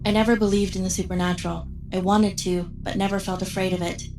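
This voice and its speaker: A woman narrating a story in a steady, scripted delivery, played from an animated video. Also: mid-range voice, fast, background noise. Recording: narration played with loud background music.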